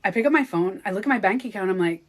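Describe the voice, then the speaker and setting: A woman vlogger in casual storytelling mode. Her voice sits at an ordinary middle pitch. She restarts her sentences and moves between low, confiding asides and quick, excited bursts. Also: soft background music. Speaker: beauty coach and vlogger.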